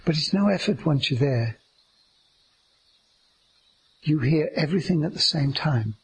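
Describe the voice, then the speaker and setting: A man giving a slow, meditative teaching talk about staying aware in each moment, drawing out his words gently. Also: fairly high pitch, animated, a little hiss or hum, rough recording.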